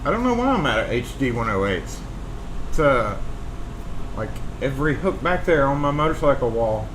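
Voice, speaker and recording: A man's voice: mid-range voice, big pitch swings, moderate pace. A man with a Southern US accent hosting a casual locksmith livestream, rambling and muttering to himself as he works and chats with viewers. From Southern United States. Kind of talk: casual livestream chat while working. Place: locksmith shop workroom. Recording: roomy echo with background noise.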